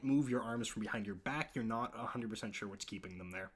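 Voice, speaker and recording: A man's voice: on the low side, fast talker, breathy edge. A man narrating a tabletop game as game master, hesitant and full of filler words.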